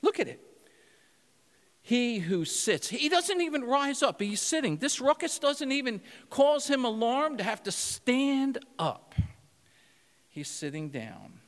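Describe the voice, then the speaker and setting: A man's voice: very high-pitched, expressive, unhurried. A man preaching a sermon, telling stories with laughter and mimicked voices. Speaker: pastor. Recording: long hall reverb.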